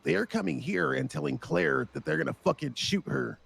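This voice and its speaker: Gravelly, urgent man in a roleplay. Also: on the high side, expressive, normal speed, a bit bright. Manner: urgent, insistent, swearing, repeats "brother". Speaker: roleplay gang member. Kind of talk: in-character GTA roleplay.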